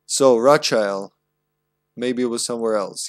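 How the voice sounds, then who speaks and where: A man's voice: medium pitch, unhurried, no room sound, clean studio sound. Chatty, laughing young man streaming a game. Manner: chatty, profane, laughs often. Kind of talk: casual live-stream gameplay commentary.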